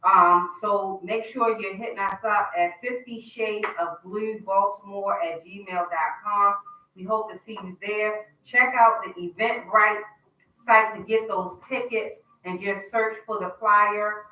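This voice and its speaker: A woman's voice: medium pitch, steady tone, unhurried, pushed and bright. A woman hosting a talk radio show, making upbeat, chatty announcements from a studio. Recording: roomy, distant mic.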